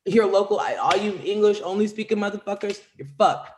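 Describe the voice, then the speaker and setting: A woman's voice: mid-range voice, brisk, darkish tone, a little hiss or hum. A woman comedian co-hosting a podcast, playful and bold as she riffs on absurd bits. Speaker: comedian co-host. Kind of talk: casual comedy podcast chat.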